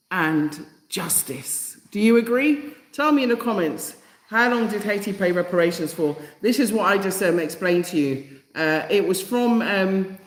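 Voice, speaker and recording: Chatty woman livestreaming in an echoey room. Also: mid-range voice. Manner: reads from notes, restarts sentences, giggles to herself; answers viewer comments directly. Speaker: livestream host. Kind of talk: casual live stream commentary.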